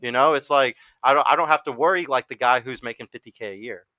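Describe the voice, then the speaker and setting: A man's voice: mid-range voice, pushed and bright, no room sound. A young man hosting a podcast panel, talking bluntly and swearing freely in casual chat. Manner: blunt, profane, fast-talking. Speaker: podcast host.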